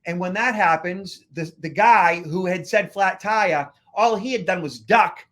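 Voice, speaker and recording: A security consultant and podcast co-host from the Boston area rambles casually through a long travel story, leaning heavily on fillers. His high-pitched voice is a bit bright and moves at a moderate pace.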